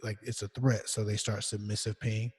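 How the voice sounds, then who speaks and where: A man co-hosting a casual podcast, telling stories in a relaxed way with many fillers and restarts. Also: fairly low pitch, moderate pace, husky. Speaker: podcast co-host. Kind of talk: casual chat. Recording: long reverberant echo.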